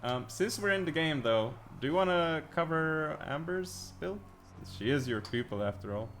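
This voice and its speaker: A man hosting a strategy game tournament cast in a casual, chuckling manner. His voice sits fairly high for a man. A faint hiss runs under the recording. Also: expressive, moderate pace, fairly bright tone. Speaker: host and caster. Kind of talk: esports game commentary. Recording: faint background noise.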